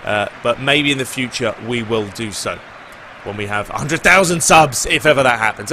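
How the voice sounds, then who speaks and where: Bright-voiced young British man chatting. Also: mid-range voice, normal speed, slight background noise. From Britain. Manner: relaxed, rambling, lots of "you know" and "uh". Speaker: gaming YouTuber. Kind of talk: casual Q&A chat.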